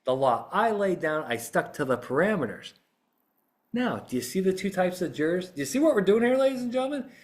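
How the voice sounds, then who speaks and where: A man's voice: high-pitched, very animated, a little fast. A middle-aged man, a trial consultant, telling a story in podcast talk and acting out how he would address jurors. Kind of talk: podcast talk acting out a voir dire example.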